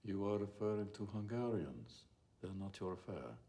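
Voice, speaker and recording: An actor playing a dignified older male regent in a film drama, measured and defiant. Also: fairly low pitch, sing-song, warm tone. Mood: proud defiant.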